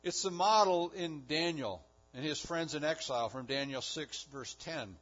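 Man, pastor preaching, husky voice, fairly high pitch, emphatic repeated phrases, dull lo-fi recording. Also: moderate pace, fairly bright tone. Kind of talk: sermon.

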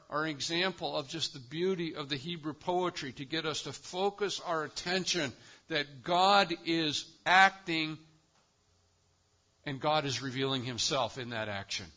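A man's voice: fairly high pitch, sharp tone, dull audio. A man preaching a sermon as pastor, with an emphatic cadence that rises and falls.

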